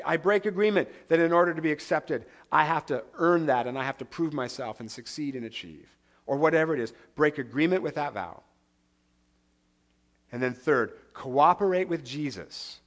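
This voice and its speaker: A man preaching a sermon as pastor, earnest and conversational, with rhetorical questions to the congregation. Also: fairly high pitch.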